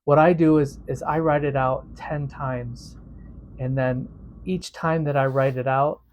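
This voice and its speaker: A man's voice: mid-range voice, fairly even intonation, measured pace, darkish tone, slight background noise. A man teaching a devotional method in a casual, earnest way, often repeating words as he explains.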